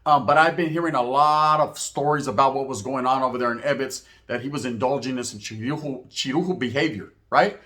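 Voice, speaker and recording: A man from Merced telling a story in casual talk, slangy and animated, acting out the people in it. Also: medium pitch, brisk, hardly any pauses. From Merced, California. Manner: slangy, animated, acts out quotes in voices.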